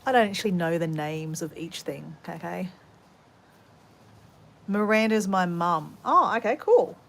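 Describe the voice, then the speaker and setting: A woman's voice: lowish voice, measured pace, gravelly. A woman with an Australian accent, chatting in a rambling way to live viewers while she gardens at home. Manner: chatty, rambling storyteller, greets viewers mid-sentence. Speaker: vlogger.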